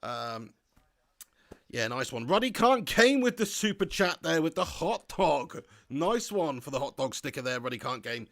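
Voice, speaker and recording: A young man hosting a live football watch-along, reading viewer comments aloud and chatting excitably, laughing often and swearing casually. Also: a little high, unhurried.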